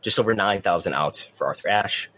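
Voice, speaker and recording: A man's voice: low-pitched, brisk, pushed and bright. A man co-hosting a podcast in casual chat, often repeating his first words as he starts a sentence. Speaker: podcast co-host.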